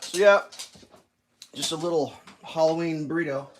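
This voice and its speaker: Laid-back rambling man, slightly high voice. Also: normal speed, a little hiss or hum. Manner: rambling, laid-back, chatty with his dog. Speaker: cooking vlogger. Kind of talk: casual cooking chat.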